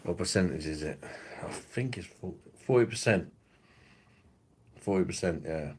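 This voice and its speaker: A man's voice: low voice, animated, unhurried, a little hiss or hum. A man, hosting a drinks review livestream in a rambling, profane, laughing way. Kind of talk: casual livestream chat.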